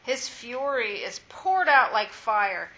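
A woman reading scripture aloud at a steady, measured pace in a Bible study. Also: on the high side, highs cut off. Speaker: scripture reader.

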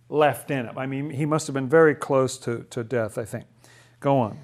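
A man's voice: medium pitch, a little slow. A man teaching a Bible study in a musing, thoughtful way. He often restarts his sentences and poses rhetorical questions to the group.

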